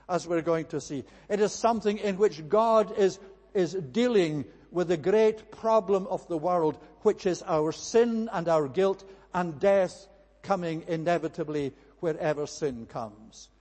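High-voiced man preaching in an echoing hall. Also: unhurried, darkish tone. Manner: earnest, emphatic preaching with frequent "eh" fillers. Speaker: minister. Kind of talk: sermon. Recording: long reverb of a large hall.

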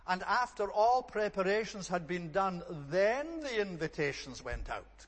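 Emphatic preacher in a reverberant hall. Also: male voice, high voice, very animated, measured pace, hardly any pauses. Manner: earnest, emphatic, repeating phrases for stress. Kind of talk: sermon. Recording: long reverb of a large hall.

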